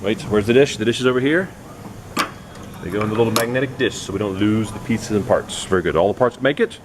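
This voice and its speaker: A man's voice: on the low side, fast, a crowd in the background. A middle-aged man walking through a car repair in his home garage, coaching a kid step by step. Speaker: host of a garage video. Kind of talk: casual workshop narration. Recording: noisy garage recording.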